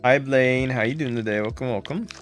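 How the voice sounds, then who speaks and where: A man's voice: medium pitch, brisk, faint music behind. A man streaming a game live, chatting casually and greeting viewers by name with repeated thanks.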